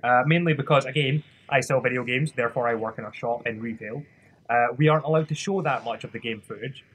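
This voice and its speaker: A man's voice: mid-range voice, fast, a bit bright, slightly rough. A man, a guest in a casual gaming chat, making crude jokes. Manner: crude, joking.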